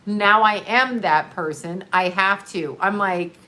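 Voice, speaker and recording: A woman's voice: mid-range voice, slow. Sarcastic woman ranting on a live stream. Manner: animated, sarcastic, laughs often. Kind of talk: casual live-stream rant.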